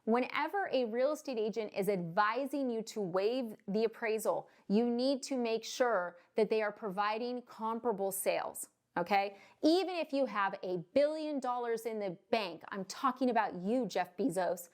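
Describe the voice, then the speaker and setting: A woman's voice: a little high, lively intonation, normal speed, hardly any pauses. A woman mortgage loan officer explaining home buying in a casual, chatty way, tossing in "right?" and "okay?" and joking asides. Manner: jokey asides and acted quotes.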